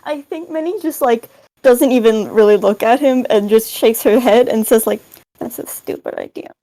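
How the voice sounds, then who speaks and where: A giggly woman with a high voice chats loosely at a tabletop game. She fills her sentences with "like". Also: normal speed, dark tone, rough recording. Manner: giggly, says like a lot. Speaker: player. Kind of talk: casual chat in a tabletop game.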